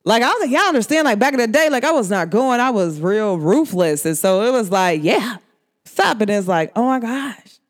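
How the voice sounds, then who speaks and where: A woman's voice: medium pitch, animated, fairly quick, few pauses. A woman hosting an astrology show, chatting casually in a rambling, slangy way and laughing often. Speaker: astrology podcast host. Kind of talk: casual chat.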